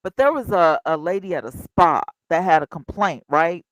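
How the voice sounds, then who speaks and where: A woman in her fifties hosting a casual livestream, chatty and animated, talking straight to her viewers. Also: on the low side, moderate pace, no echo, poor audio. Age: 50s. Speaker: livestream host.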